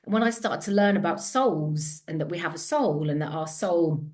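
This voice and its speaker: A woman in her forties with a Devon accent speaks in a slightly low voice. She tells her story as an interview guest, chatty and animated. She often breaks off mid-sentence to start again and laughs easily. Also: moderate pace. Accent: Devon English. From England. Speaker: guest, empowerment coach.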